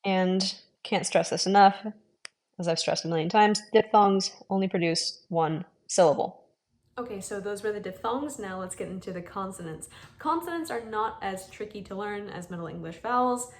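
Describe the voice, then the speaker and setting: A woman giving an online language lesson, modelling sounds slowly, repeating them and adding friendly, encouraging asides. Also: medium pitch, darkish tone. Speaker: language teacher.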